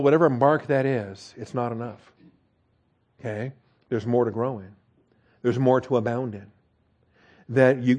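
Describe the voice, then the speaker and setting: A man leads a verse-by-verse Bible study in a loose, conversational manner. He restarts his sentences often and keeps checking in with a quick "okay?". His voice sits at an ordinary middle pitch. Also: a little mellow, dull audio. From United States. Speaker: Bible teacher.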